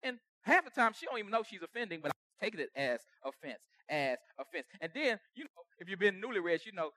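A man preaching a conversational sermon with humor, acting out everyday quarrels and swinging from soft asides to shouts. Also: high voice, big pitch swings, fast, no echo, studio quality.

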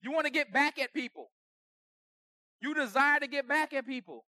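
A man preaching a conversational sermon with humor, acting out everyday quarrels and swinging from soft asides to shouts. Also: extremely high pitch, normal speed, dry recording, studio quality.

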